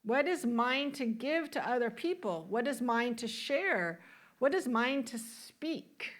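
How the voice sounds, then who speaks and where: A woman minister delivers a sermon in a church sanctuary, her voice sitting a little higher than most. She preaches in a warm, conversational way and asks her listeners question after question. Now and then she laughs along with them. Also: expressive, slow.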